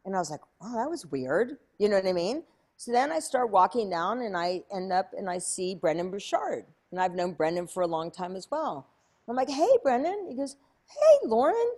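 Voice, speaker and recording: A woman telling a story as an interview guest, lively and chatty, acting out other people's voices with many fillers. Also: mid-range voice, moderate pace. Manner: animated, acts out quoted voices, many fillers. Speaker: interview guest, speaker and coach.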